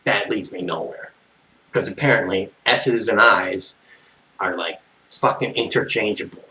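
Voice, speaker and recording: A man's voice: on the low side, unhurried, bright, forceful tone, slight background noise, poor audio. Profane, exasperated man ranting. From United States. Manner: profane, exasperated, tangent-prone. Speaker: vlogger. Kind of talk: ranting personal story.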